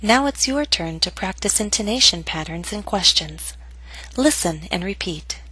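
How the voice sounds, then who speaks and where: A woman teaching English pronunciation in scripted narration, reading model phrases slowly and clearly. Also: mid-range voice, animated, bright, forceful tone, poor audio.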